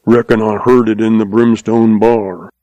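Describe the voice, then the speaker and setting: A man voicing an irritable, grumbling old male rancher with a gruff, growling drawl. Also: fairly low pitch, level tone, measured pace, warm tone, no room sound, natural voice, low-quality recording. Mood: sour.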